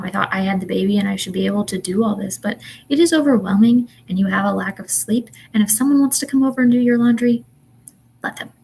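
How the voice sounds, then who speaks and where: A woman's voice: medium pitch, vocal fry, a little mellow, a little hiss or hum, low-quality recording. A young woman, a mother, ranting in a casual livestream chat, exasperated and chatty with lots of ums and laughs. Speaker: vlogger and mother.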